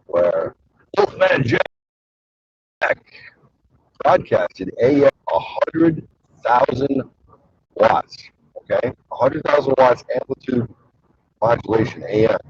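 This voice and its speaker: A man's voice: mid-range voice, animated, measured pace, a little mellow, husky, dry recording, dull audio. A man hosting his own show, telling rambling stories casually with lots of fillers and crude humor. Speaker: show host.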